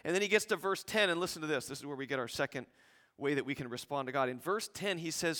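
A man preaching a sermon as pastor, animated, acting out scripture dialogue with rising intensity. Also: a little high, fast talker, in a large hall.

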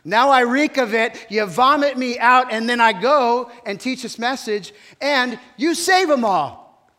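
A man preaching a sermon, voicing an angry, self-pitying male prophet who shouts his complaints. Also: high voice, measured pace. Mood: furious. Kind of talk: sermon storytelling.

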